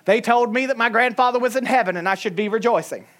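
A woman with a Southern US accent preaching a sermon, emphatic and humorous, swinging between loud and soft. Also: on the high side, fast talker. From Southern United States.

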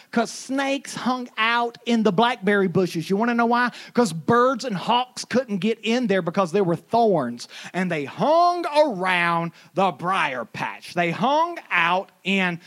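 A middle-aged speaker, originally from Florida, spins homespun stories to an audience. The pitch leaps up and down as they act out other people's voices in animated storytelling. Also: a little slow, hardly any pauses. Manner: animated storyteller who acts out quoted voices. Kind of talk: anecdotal monologue.

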